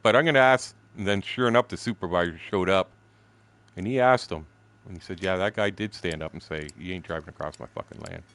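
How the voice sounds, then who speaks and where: A man's voice: sits low, brisk, a bit bright, no room sound. A man in his sixties from Canada, telling a story during a game stream in a blunt, profane, laughing way. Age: 60s. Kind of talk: casual storytelling chat.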